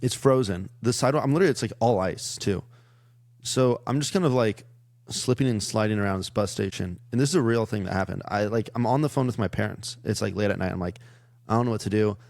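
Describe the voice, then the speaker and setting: Gravelly low-voiced man telling a story. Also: fast, no echo. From Iowa. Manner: rambling, many "like" fillers, animated retelling. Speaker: comedian guest. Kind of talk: casual storytelling chat.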